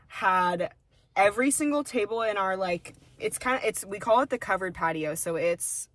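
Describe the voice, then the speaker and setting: A young woman co-hosting a casual podcast, telling her stories with lots of swearing and animated, acted-out quotes. Her pitch sits in the middle of the range. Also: moderate pace. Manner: profane, animated storytelling. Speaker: podcast co-host. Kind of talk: casual chat.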